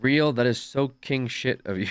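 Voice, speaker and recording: A male streamer chatting casually while gaming, animated and laughing, sometimes trailing off into quiet asides. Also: medium pitch, normal speed, slight background noise.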